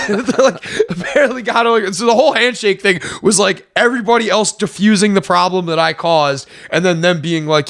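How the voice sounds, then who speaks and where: A man's voice: on the high side, fairly quick, gravelly, a bit bright, no echo, studio quality. A young man co-hosting a podcast, telling a rowdy story in casual, profane chat and acting out what people said, often laughing. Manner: profane, laughing storyteller who acts out quotes. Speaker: podcast co-host.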